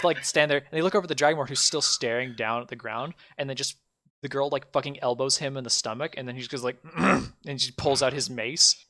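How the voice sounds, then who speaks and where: A man narrating a tabletop game as game master, casual and rambling with many fillers. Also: mid-range voice.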